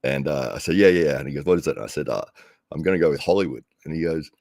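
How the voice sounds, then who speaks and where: A middle-aged man with an extremely low, deep voice tells a casual, rambling story. He chuckles often and perks up when quoting himself. He is recorded close to the mic in a dry space. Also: expressive, racing, a little mellow, no room sound. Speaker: arm wrestling commentator.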